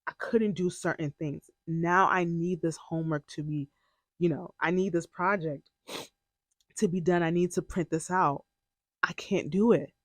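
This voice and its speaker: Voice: mid-range voice, steady tone, a little slow, no room sound. A young adult podcast host candidly retelling a personal story in a casual, emotional way, often quoting their own past words. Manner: candid and emotional, breaks into laughs and tears.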